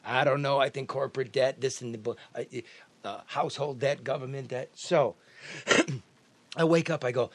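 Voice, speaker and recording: A Midwestern American man hosts a news talk show, speaking at medium pitch in a steady tone and at normal speed. In casual banter he's blunt and profane, repeating himself and often restarting sentences.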